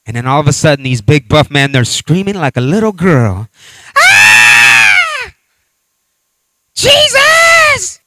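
A man preaching a sermon with animated storytelling, acting out voices and scenes as he talks. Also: a little high, fast, few pauses, very noisy.

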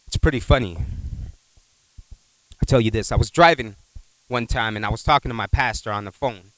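A man preaching a sermon in a conversational, animated way, telling a personal story, repeating words and asking the congregation for an amen. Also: mid-range voice, brisk, no room sound, rough recording. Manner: animated, acts out voices in his stories.

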